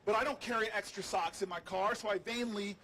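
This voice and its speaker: A man with a voice that sits high speaks briskly in a low-quality recording with slight background noise. As a politician hosting a livestream, he tells an outdoor crowd on building steps an animated, jokey, self-deprecating story.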